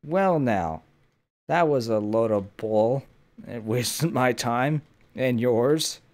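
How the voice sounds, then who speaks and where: Slow, animated young man playing a game. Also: medium pitch. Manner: jokey running self-talk. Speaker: gaming channel host. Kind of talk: gameplay commentary. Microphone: headphones with mic.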